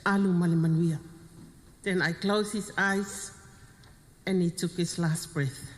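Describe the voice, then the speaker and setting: A middle-aged woman with a Samoan accent giving a funeral eulogy as the widow, speaking in short, halting, heartfelt phrases and slipping into Samoan. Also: on the low side, steady tone. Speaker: widow of the deceased. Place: funeral service venue. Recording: long reverb of a funeral hall.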